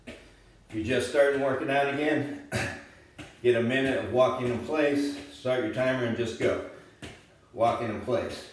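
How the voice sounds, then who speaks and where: Far from the camera mic, a man with a medium-pitched voice coaches a home workout indoors, moving around and demonstrating every exercise while slightly out of breath. His tone is relaxed and encouraging as he thinks aloud, and the room sounds very echoey, his voice off-mic.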